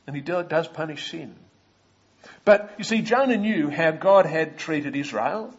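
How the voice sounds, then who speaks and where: A man with an Australian accent preaching an expository sermon in a measured, explanatory way, with many "uh" fillers and asides to the listeners. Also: fairly high pitch, animated, slightly rough, dull audio.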